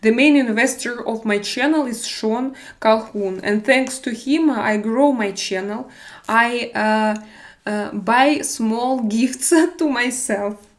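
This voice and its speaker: A woman with a Russian accent chatting casually on a live stream, halting and hesitant, often restarting with fillers. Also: a little high. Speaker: livestream host reading chat.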